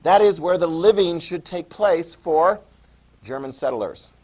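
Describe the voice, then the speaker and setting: History teacher guy, kinda high voice, sarcastic and jokey, keeps saying write that down. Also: expressive, measured pace, a little mellow. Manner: sarcastic, joking asides; tells students to write things down. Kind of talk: casual classroom lecture.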